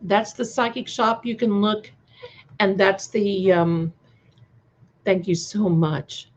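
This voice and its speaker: Lady chatting live with viewers, slow and rambly, kinda lo-fi sound. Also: medium pitch, fairly even intonation. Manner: slow, chatty, reacting to viewer comments with frequent restarts. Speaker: co-host of a live stream premiere chat. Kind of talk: casual live-stream chat. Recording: slightly dull lo-fi sound.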